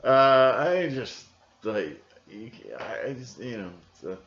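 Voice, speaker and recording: A man's voice: lowish voice, sing-song, slow. A man vlogging at home in a rambling monologue, with frequent restarts and a conspiratorial tone. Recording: roomy, dull lo-fi sound.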